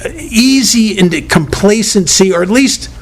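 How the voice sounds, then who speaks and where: A man with a fairly high voice leads a recovery workshop. He talks earnestly and tells stories, often stopping mid-phrase to restart his thought. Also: animated, normal speed. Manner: storytelling, self-interrupting, earnest. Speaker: workshop speaker.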